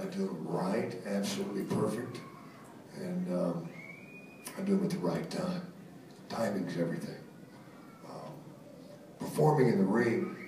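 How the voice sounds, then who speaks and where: A middle-aged man telling wry, profane stories as a former wrestler at a live question-and-answer event. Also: sits low. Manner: gruff, profane, wry storyteller. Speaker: retired wrestler at a Q&A. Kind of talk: storytelling at a live Q&A. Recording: echoey hall, voice from far off, noisy.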